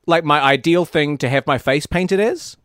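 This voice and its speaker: A man co-hosting a casual comedy podcast, making dry deadpan quips. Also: fairly high pitch, normal speed, no echo. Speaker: podcast co-host.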